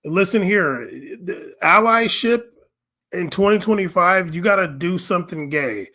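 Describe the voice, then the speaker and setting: A man co-hosting a casual commentary show, chiming in with indignant quick remarks. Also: high voice, animated, pushed and bright. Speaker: co-host.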